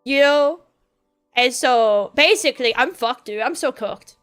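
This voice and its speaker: Casting: young female streamer, high voice, slow unhurried delivery, rambling and self-deprecating. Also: a bit bright, faint music behind. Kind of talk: casual chat while drawing.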